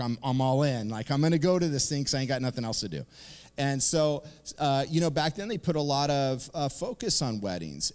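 A man preaching a casual sermon, telling stories and jokes with lots of fillers. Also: mid-range voice. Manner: storytelling, joking, conversational with fillers. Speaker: pastor. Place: church sanctuary. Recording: reverberant church hall.

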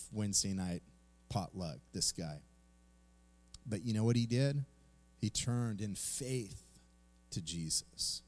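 A man preaching a sermon, telling a personal story in a conversational way and then reading scripture aloud. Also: lowish voice. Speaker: pastor.

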